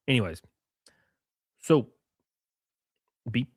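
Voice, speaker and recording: A man's voice: mid-range voice, lively intonation, normal speed, no room sound, studio quality. A young man hosting a casual live stream, mocking and sarcastic, swearing freely and thanking viewers for gifted subs.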